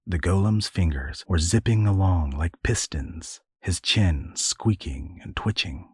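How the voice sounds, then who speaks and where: A man narrating a storybook adventure in a measured, storytelling voice. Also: sits low, a little mellow, husky, no echo, studio quality. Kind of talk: audiobook narration.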